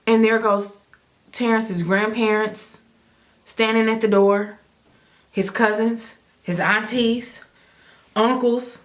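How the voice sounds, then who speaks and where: A woman telling viewers a personal story in a casual, animated way, speaking straight to them and acting out her own thoughts along the way. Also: mid-range voice, unhurried.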